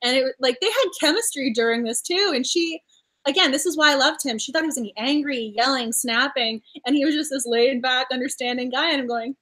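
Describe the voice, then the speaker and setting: A woman's voice: high voice, fairly quick, sharp tone. A woman chatting about a romance novel in a book club discussion on a video call, gushing and laughing often. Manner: gushing, laughs often, acts out her reactions.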